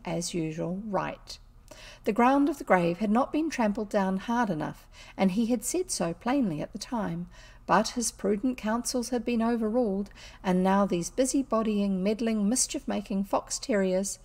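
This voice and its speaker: A woman with a New Zealand accent reads a classic children's story aloud. Her narration is expressive and measured, at a middle pitch. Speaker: audiobook reader.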